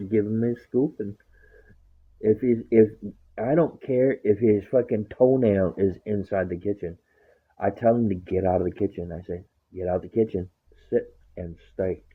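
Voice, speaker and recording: A man's voice: on the low side, normal speed, husky. A man rambling about his dog in casual chat, swearing a lot and acting out what he says to it. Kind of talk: casual profane storytelling. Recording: tinny phone-like sound.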